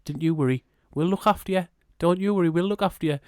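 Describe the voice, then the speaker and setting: Man putting on a kindly old granny, soft hushed soothing voice, dry sound. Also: sits high, fast, clean tone, no room sound, pitched above the performer's own voice, close to an everyday voice.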